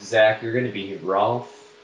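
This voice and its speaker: A man with a lowish, steady voice hosts a podcast and makes prank calls, improvising slowly with lots of hesitations and restarts. The casual chat sounds dull, recorded in an echoey room with faint background noise.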